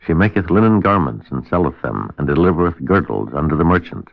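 A man hosting a radio discussion, reading a scripture passage in a measured, old-fashioned cadence on a dull old radio recording. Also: rumbling low, gravelly, dry recording.

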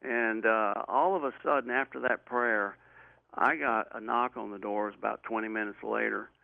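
Gravelly man on a tinny phone line. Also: on the low side, steady tone, normal speed, dry recording. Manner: rambling, earnest, full of restarts. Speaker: interview guest. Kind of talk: personal storytelling in a remote interview.

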